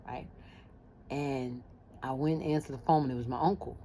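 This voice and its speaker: Low-voiced woman telling a story. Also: normal speed, slight background noise. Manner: lively, acts out family members' voices. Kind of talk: casual personal storytelling.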